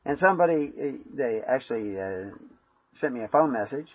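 Guy preaching off the cuff, kinda husky, lots of you knows, muffled sound. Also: mid-range voice, expressive, moderate pace, no room sound. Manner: rambling, conversational, many fillers. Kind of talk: informal sermon.

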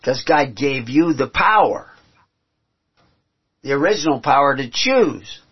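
A man's voice: medium pitch, slightly rough. A man preaching a sermon, reading scripture aloud and explaining it in an earnest way that climbs to emphatic peaks. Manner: earnest, rising to emphatic peaks, halting restarts. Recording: dull lo-fi recording.

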